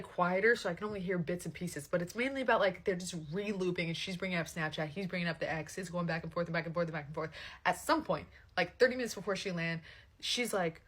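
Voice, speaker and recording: A young woman casually telling a story, swearing often and quoting the people in it with voices. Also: medium pitch. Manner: animated, swears a lot, quotes people in voices.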